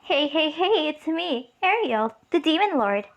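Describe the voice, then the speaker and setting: A woman's voice: sits high, sing-song, unhurried, full character voice. A young woman voicing a bored demon lord. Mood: weary.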